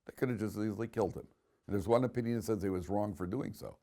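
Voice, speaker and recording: A rabbi teaches his class with lively stories and humor. His voice sits a little low, and he often restarts his sentences. He slows down to chant Hebrew verses. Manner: animated storyteller, frequent restarts, chanting Hebrew verses slowly. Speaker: rabbi teaching a weekly Torah portion class. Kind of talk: lively classroom Torah lecture.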